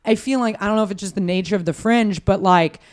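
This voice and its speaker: A young American woman in casual podcast chat, telling animated stories, swearing freely and acting out what others said. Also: mid-range voice, fast. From United States. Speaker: guest comedian.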